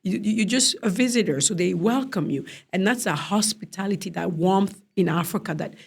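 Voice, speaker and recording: A woman's voice: medium pitch, a little fast, gravelly, husky. A woman, a guest in an interview, telling a personal story in casual conversation and acting out the voices of people she quotes. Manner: animated, acts out quoted voices.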